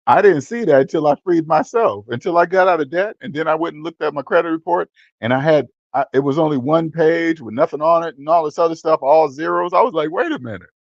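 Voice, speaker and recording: Speaking fast in a fairly high, creaky voice, a man in his fifties hosts a personal finance channel. His casual livestream-style monologue is blunt and preachy, full of words repeated for emphasis. The audio is dull with no echo.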